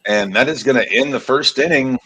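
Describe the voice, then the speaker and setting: Husky man calling plays on a podcast. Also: medium pitch, fairly quick, bright, forceful tone, poor audio. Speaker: podcast co-host. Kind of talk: casual sports chat with play-by-play calls.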